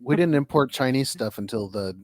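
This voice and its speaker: A man co-hosting a podcast in casual chat. He is animated, throws in quick asides, and swears casually. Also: mid-range voice, no echo, studio quality. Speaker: podcast co-host.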